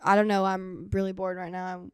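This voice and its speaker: A woman's voice: medium pitch, little pitch movement, a little fast, smooth, dry recording, studio quality. A young woman talking as a podcast guest, earnestly recounting her school struggles and acting out her old thoughts. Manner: earnest, acts out her own past thoughts in quotes. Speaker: podcast guest, host's sister. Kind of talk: casual chat.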